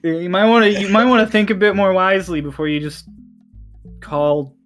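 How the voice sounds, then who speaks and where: A man hosts a tabletop game as its dungeon master, his voice bright and on the higher side. He talks loosely and swears casually between rulings. Faint music plays behind him. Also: fairly even intonation, brisk.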